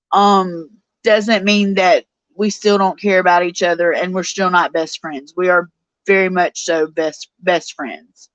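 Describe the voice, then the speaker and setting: A woman in her forties with a drawl hosts a casual live stream, reading viewers' messages and talking to them directly. She gets easily emotional and tearful, and her voice is mid-pitched. The sound is dry and a bit dull, like a lo-fi home setup. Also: a bit bright, no room sound. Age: 40s. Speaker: show host reading live chat.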